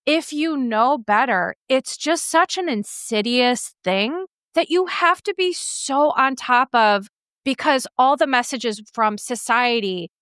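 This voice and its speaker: A woman's voice: high voice, animated, slow pace, a bit bright, no echo, studio quality. A woman in her forties, a therapist hosting a podcast, chatting casually and acting out her own reactions.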